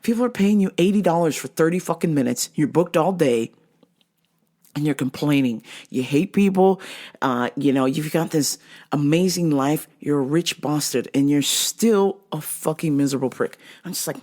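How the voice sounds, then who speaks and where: A woman's voice: low-pitched, normal speed, dark tone. A woman podcast host telling a story in a casual, profane, exasperated rant.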